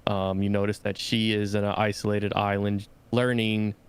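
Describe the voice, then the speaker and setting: A man co-hosting a podcast in casual review chat, measured and hesitant with many fillers. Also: fairly low pitch, level tone, clear, resonant tone.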